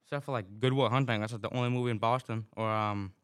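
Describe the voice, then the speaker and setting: A man's voice: medium pitch, steady tone, quick pace, smooth. A man with a Massachusetts accent, filling in as a weather presenter in a casual, rambling comic monologue full of complaints.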